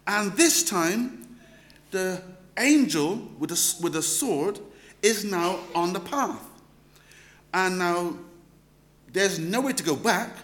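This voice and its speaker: A man, a pastor, telling a story in a humorous, animated sermon. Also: high-pitched.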